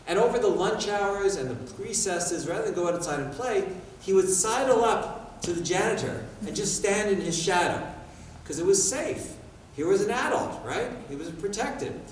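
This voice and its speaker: A man giving a public talk in a school hall, telling stories in an animated way, with sound effects. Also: sits high, moderate pace, slight background noise. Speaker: guest speaker. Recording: echoey hall, far mic, faint ambience.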